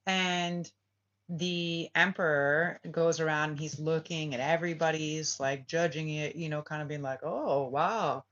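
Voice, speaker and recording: Spiritual vlogger, casual storytelling, rambling, profane, mid-pitched voice, dull lo-fi recording. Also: little pitch movement, a little slow, fairly bright tone. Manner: rambling, swears often, says right? a lot, restarts phrases. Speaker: spiritual reader and channel host. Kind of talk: casual spoken storytelling vlog.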